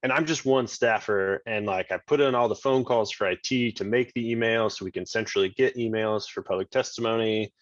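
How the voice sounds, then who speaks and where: A man's voice: lowish voice, a little fast, few pauses, no echo. A man telling a story as a podcast guest in a rambling, casual way, full of "like" fillers and restarts. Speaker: podcast guest, state government chief of staff. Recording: dull lo-fi dry sound.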